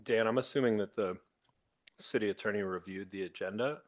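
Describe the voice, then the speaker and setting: Deep-voiced man questioning procedure. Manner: questioning, halting, with restarts. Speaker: board trustee. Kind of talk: procedural meeting talk. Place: city board meeting room.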